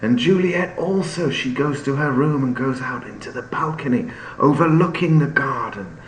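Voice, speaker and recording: A man explaining a play in an unhurried storytelling manner, sometimes restarting with fillers as he searches for words. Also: medium pitch, a little hiss or hum. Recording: echoey room with faint ambience.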